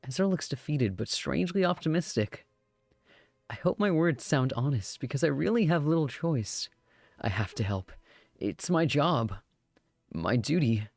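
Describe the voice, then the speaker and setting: Brief: chatty, laughing streamer narrating a game, animated pitch, dry close sound. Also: unhurried, gravelly, pauses often, dry recording, faint music behind. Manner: giggly, chatty, joking asides. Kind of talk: live-streamed visual novel read-aloud with commentary.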